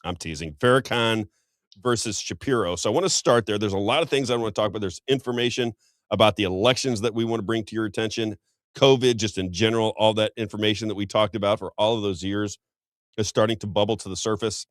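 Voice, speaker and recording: A man's voice: fairly low pitch, quick pace, no echo, clean studio sound. An American man hosting a casual political talk show, telling rambling anecdotes. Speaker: host.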